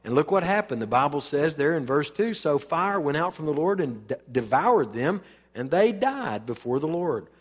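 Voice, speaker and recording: A man preaching a sermon in a church, dramatic and emphatic, acting out the voices he quotes and swinging from loud to soft. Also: fairly high pitch, very animated, moderate pace, husky, in a large hall. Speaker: pastor. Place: church sanctuary.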